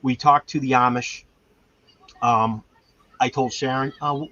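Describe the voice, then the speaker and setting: A man's voice: mid-range voice, steady tone, measured pace, pauses often, pushed and bright, no echo. A man, hosting a homestead channel and chatting casually with lots of fillers, in a dull lo-fi recording. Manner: rambling, chatty storytelling with many fillers. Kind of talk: casual chat. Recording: dull lo-fi sound.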